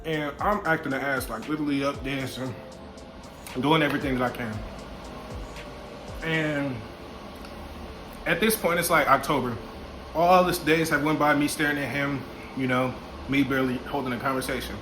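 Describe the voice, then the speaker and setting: A man's voice: medium pitch, fairly even intonation, moderate pace, long pauses. A young man vlogging a casual storytime while eating, talking loosely with slang, swearing and playful asides. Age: young adult. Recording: echoey room with music behind.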